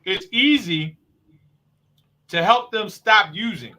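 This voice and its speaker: A man's voice: high-pitched, lively intonation, slow, bright, forceful tone. A man who runs a recovery program, hosting a talk show and explaining his work earnestly. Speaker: host, recovery program owner. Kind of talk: conversational talk show discussion.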